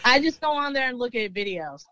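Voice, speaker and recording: A woman's voice: on the high side, very animated, a little fast, bright, forceful tone, a little hiss or hum, low-quality recording. A woman with a Southern US accent, chatting casually as an interview guest, with many fillers and frequent laughter. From Maryland.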